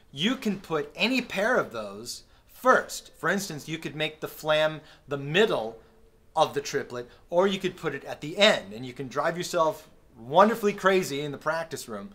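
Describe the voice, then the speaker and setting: Friendly man explaining drum patterns. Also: on the high side. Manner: relaxed, friendly explaining with fillers and sung drum sounds. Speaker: drum teacher. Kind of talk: casual instructional talk. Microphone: camera-mounted recorder.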